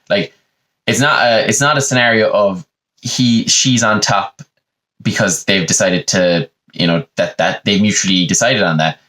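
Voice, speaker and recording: A man's voice: deep voice, fairly bright tone. A man hosting a comedy podcast, telling a rambling, profane comic story in a casual conversational way.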